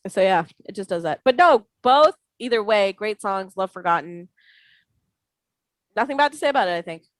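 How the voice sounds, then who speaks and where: A chatty woman co-hosting a podcast, rambling along and breaking into giggles and goofy noises. Her voice sits at an ordinary middle pitch. The sound is close and dry, with no room around it. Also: lively intonation, moderate pace, no room sound, low-quality recording. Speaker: podcast co-host. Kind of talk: casual chat.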